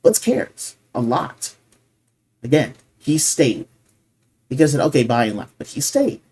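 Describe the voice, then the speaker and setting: A man hosting a reaction video talks through his thoughts in an earnest, casual way. His pitch is ordinary for a man. He restarts sentences as he thinks and keeps checking in with "right?". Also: sing-song, unhurried, darkish tone, husky. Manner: earnest, repeats "right?" often.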